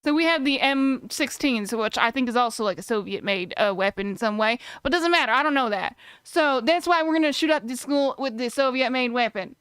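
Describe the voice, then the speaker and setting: A woman's voice: on the high side, animated, fairly quick, few pauses, fairly bright tone, clean tone, no room sound. A woman voicing a rambling, gun-obsessed Texan character with a put-on Texas accent and a boastful drawl. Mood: defiant.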